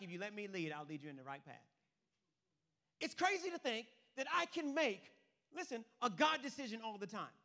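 A man preaching an animated sermon as pastor, swinging between loud outbursts and hushed lines. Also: high voice.

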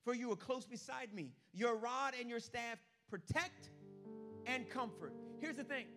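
A man preaching an animated sermon as pastor, swinging between loud outbursts and hushed lines. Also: very high voice, unhurried, over music.

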